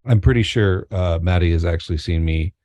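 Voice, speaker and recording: A man's voice: low voice, fairly quick, darkish tone, no room sound. A man co-hosting a podcast as a game master, talking loosely and joking about himself, with frequent restarts. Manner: loose, joking, self-deprecating, many restarts. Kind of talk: casual podcast chat.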